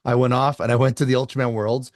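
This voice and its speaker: A man in his fifties, an endurance athlete guest, telling his story in an interview with lively energy and many restarts. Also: medium pitch, fast, dry recording, clean studio sound. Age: 50s.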